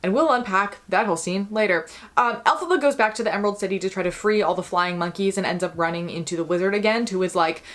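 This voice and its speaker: Quick-talking woman recapping a plot. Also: medium pitch, fairly bright tone. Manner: wry, quick, mimics characters in quoted asides. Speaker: video essayist.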